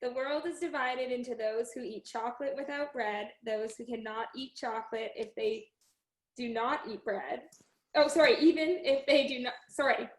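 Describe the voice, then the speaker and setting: A young woman reading aloud haltingly from a bottle label, correcting her slips, off the mic. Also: on the high side. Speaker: daughter helping with the call. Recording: echoey room, off the mic.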